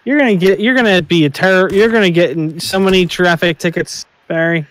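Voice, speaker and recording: A man's voice: high voice, brisk, a bit bright. A man chatting as a teammate during a game, laughing often and using mild exclamations. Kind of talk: casual gameplay chat.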